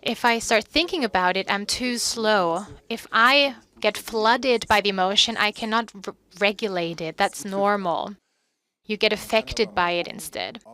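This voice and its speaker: A woman interpreting a conference talk live, animated as she acts out soothing words to a child. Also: medium pitch, a little slow.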